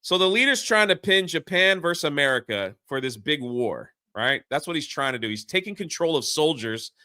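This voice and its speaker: Male podcast host, fairly high and bright, dry close sound, loose rambling recap. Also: animated, moderate pace, no room sound. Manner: rambling plot recap with many fillers. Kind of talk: casual spoiler movie review.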